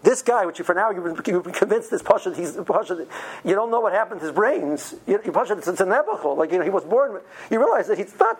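A husky-voiced man lectures yeshiva students as their rebbe. He talks in an informal, lively way, stammering and restarting as he presses his points. His speech is full of Hebrew and Yiddish study terms. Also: high-pitched, fast, low-quality recording.

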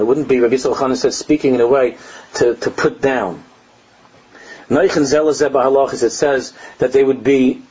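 A man's voice: medium pitch, darkish tone, slightly rough. An older man, a rabbi giving a Torah class, telling stories animatedly, laughing at his own anecdotes and mixing Hebrew and Aramaic phrases into his English. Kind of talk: Torah lesson with storytelling. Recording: dull lo-fi recording.

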